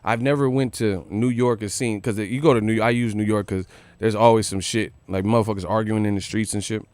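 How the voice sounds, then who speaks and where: A man's voice: lowish voice, steady tone, brisk, a little mellow, clear, resonant tone, no echo. A man hosting a live boxing commentary stream, talking loosely with profane street slang and lots of repeats. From United States.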